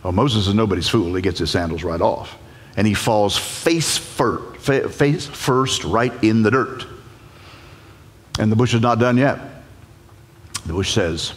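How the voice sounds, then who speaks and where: A man preaching a humorous storytelling sermon, animated, playful and folksy as he retells a scripture story. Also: lowish voice, measured pace, long pauses. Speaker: guest preacher. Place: large church sanctuary. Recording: long church reverb.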